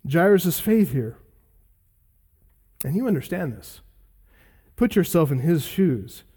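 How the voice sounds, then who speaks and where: A middle-aged male pastor delivering a sermon with a high, ringing voice. He preaches earnestly, leaning hard on key words and pausing for effect. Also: very animated, dark tone, husky. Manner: emphatic, earnest preaching with dramatic pauses.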